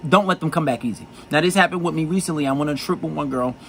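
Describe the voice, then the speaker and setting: A man's voice: fairly high pitch, very fast, vocal fry, fairly bright tone, slight background noise, rough recording. A man giving blunt dating advice in a profane, insistent monologue full of repetition.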